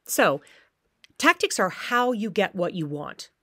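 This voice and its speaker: A woman's voice: mid-range voice, very animated, unhurried, pushed and bright, dry recording, studio quality. A woman theater teacher giving a recorded lecture on acting, now and then acting out short quoted pleas and threats as examples.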